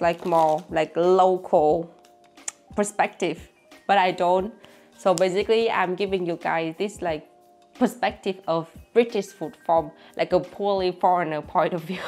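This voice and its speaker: A woman's voice: fairly low pitch, a little mellow. A young woman, chatting casually and giggling as she tastes food for her vlog. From Vietnam. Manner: giggly, chatty, non-native phrasing. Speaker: vlogger.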